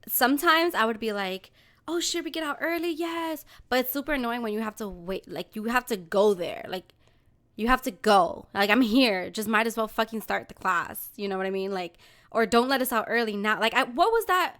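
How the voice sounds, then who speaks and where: A woman from New York City co-hosting a casual podcast, telling profane, animated stories with laughs. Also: medium pitch, brisk. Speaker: podcast co-host. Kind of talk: casual chat.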